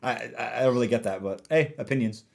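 A man's voice: medium pitch, quick pace, creaky. A young man casually ranting and reading out viewer comments on a gaming livestream, laid-back and laughing often.

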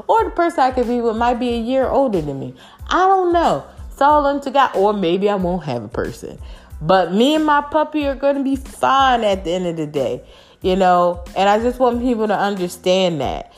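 A woman's voice: a little high, darkish tone. A woman vlogger talking frankly and emphatically to the camera, swearing freely and often asking "you know?". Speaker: vlogger giving dating advice. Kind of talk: casual monologue to camera.

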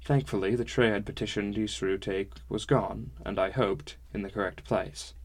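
A man narrating a first-person fantasy novel in a measured, wry storytelling manner. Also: on the low side, fairly even intonation. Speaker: audiobook narrator.

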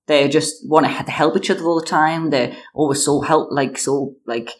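Chatty woman telling lively stories. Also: deep voice, normal speed. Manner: chatty, lots of fillers, animated storytelling. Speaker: interview guest, biathlete. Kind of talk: casual interview chat.

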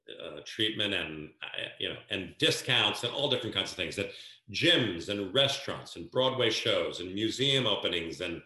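A man from New Jersey, a guest telling stories in an animated way and acting out dialogue. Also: fairly low pitch, roomy sound. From New Jersey, USA. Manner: lively storyteller who acts out quoted dialogue. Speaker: guest, events planner. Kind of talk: animated storytelling.

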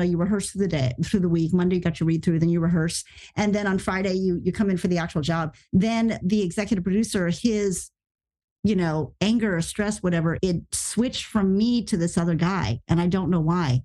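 Animated American actress telling stories. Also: female voice, on the low side. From United States. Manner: animated, rushed storytelling. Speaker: actress guest. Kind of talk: casual podcast storytelling.

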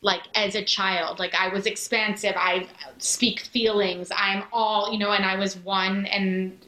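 A woman with a bright, forceful voice reflects aloud while interviewing someone. She searches for words and leans on fillers, and her voice echoes around a roomy space. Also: medium pitch, level tone, a little slow. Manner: thoughtful, searching, filler-heavy. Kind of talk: reflective conversation. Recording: roomy echo.

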